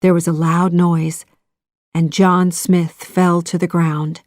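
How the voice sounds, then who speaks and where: A woman reads a children's story aloud in a measured, clear manner. Her voice sits low for a woman, and she takes her time. The recording is dry and close. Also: flat delivery, darkish tone, no room sound. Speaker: narrator. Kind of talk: children's audiobook narration.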